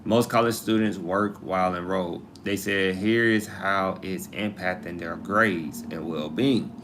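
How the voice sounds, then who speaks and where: A man's voice: low voice, fairly even intonation, measured pace, fairly bright tone, slight background noise. A man hosting a live stream, chatting casually to viewers and reading an article aloud, sometimes turning away from his mic.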